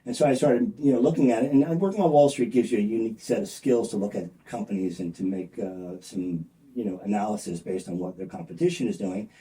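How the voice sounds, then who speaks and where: A man's voice: fairly low pitch, fast talker, hardly any pauses, dark tone, far from the mic, low-quality recording. A man telling his career story in a casual interview, rambling with many fillers and restarts, blunt and salesy. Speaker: interview guest.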